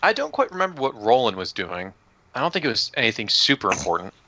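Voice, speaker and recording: A man's voice: medium pitch, wildly swooping pitch, fast, sharp tone. A man casually recapping a tabletop game session for his group, joking loosely and swearing now and then. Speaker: player recapping the last session. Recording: dull lo-fi audio.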